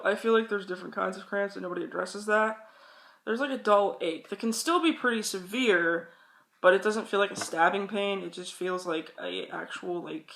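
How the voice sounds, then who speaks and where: Jeune femme bavarde dans une pièce qui résonne. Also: female voice, mid-range voice, vocal fry, fairly bright tone. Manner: rambling, chatty, swears freely. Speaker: vlogger giving advice. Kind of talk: casual advice vlog. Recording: echoey room.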